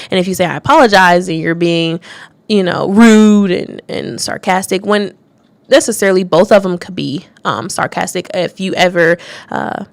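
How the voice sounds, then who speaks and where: A woman's voice: lowish voice, no echo. A woman hosting a radio talk segment, thinking aloud and reading from notes, with many fillers and restarts. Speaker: radio show host.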